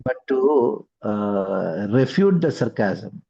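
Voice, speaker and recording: Husky-voiced spiritual teacher. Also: male voice, fairly low pitch, animated, mellow. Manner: measured explaining, frequent "uh" pauses. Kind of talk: scriptural discourse. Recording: dull lo-fi sound.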